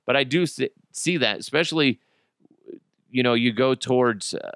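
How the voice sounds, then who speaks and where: A man's voice: mid-range voice, moderate pace, a bit bright, dry recording, clean studio sound. A man hosting a podcast, rambling through a casual comic monologue with lots of swearing and laughing at his own jokes. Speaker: podcast host.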